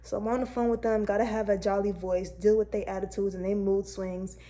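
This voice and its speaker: A woman's voice: mid-range voice, level tone, a little fast, dark tone. A young woman vlogger chatting candidly to her viewers, telling a personal story in a casual, direct way.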